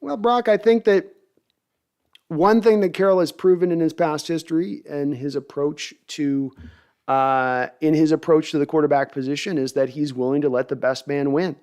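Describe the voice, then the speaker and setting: A man's voice: fairly high pitch, fairly even intonation, moderate pace, a little mellow, smooth. A man hosting a casual sports live stream, rambling playfully and reading out viewer comments. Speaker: podcast host.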